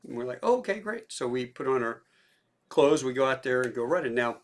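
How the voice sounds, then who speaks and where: A man hosting a podcast, telling a casual anecdote with many fillers and pauses. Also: mid-range voice, steady tone. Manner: rambling anecdotes with hesitant fillers. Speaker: podcast host. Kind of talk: casual chat.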